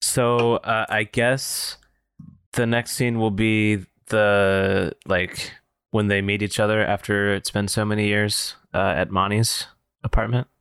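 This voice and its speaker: A man directing an improv comedy session, casually setting up the next scene with relaxed, laughing remarks. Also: on the low side, takes it slowly, clear, resonant tone. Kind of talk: casual chat.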